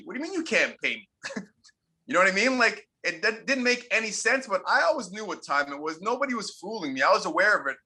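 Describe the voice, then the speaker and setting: Bright, high-voiced man telling stories. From Canada. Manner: emphatic, repeats points for effect. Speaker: interview guest, former pro hockey player. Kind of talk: candid interview storytelling.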